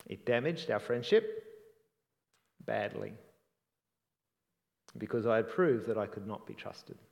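A man preaching a sermon in an earnest, reflective way, often trailing off softly at the ends of phrases. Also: on the low side, animated, a little slow, creaky, long reverb tail.

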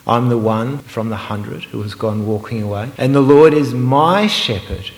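A man preaching a sermon, earnest and emphatic, sometimes slowing to a hushed, meditative repetition. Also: medium pitch. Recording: roomy hall with long reverb.

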